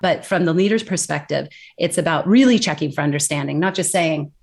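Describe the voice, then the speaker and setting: An American woman explaining workplace communication in an emphatic, animated interview style. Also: low voice, a little fast, gravelly. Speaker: accent and communication expert guest. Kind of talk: interview answers.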